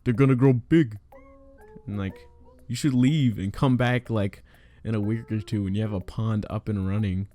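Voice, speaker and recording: A man's voice: fairly low pitch, steady tone, moderate pace, dark tone, lightly acted. A man voicing a stubborn middle-aged female pet store clerk who insists on the same warning over and over in a raised, nagging tone. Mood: insistent nagging. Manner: nagging and repetitive.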